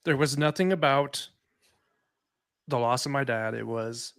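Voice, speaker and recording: A man speaks in an even, middle-pitched voice, stopping and restarting as he gathers his thoughts. His voice is recorded close and dry, with no room sound around it. The talk is candid and unhurried. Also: vocal fry, smooth, no echo. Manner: halting, reflective, many restarts. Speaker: podcast co-host. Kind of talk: candid conversation.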